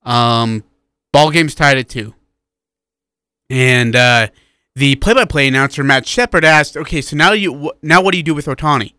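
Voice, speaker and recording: Bright opinionated male radio co-host. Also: medium pitch, moderate pace, no echo, clean studio sound. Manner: animated, opinionated. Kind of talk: casual sports talk.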